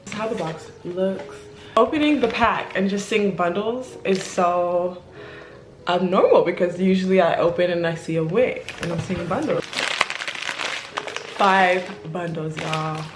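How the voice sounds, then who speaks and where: A woman's voice: on the low side, normal speed, a little hiss or hum. Chatty young woman vlogging, echoey room. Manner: chatty and excitable, addresses viewers as y'all. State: out of breath. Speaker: beauty vlogger. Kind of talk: casual vlog talk to camera. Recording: echoey room with music behind.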